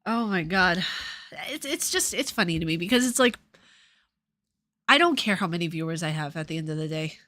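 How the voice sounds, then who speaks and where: A woman with a New Jersey and New York accent, chatting casually on a livestream, sarcastic and profane, jumping between loud jabs and muttered asides. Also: on the low side, lively intonation, fairly quick, pauses often. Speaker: streamer.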